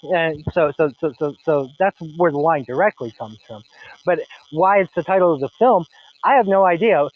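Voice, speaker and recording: A man hosting a film podcast, talking in a rambling, halting way with many restarts. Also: fairly high pitch, dry recording, dull audio. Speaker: podcast host. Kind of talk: casual discussion.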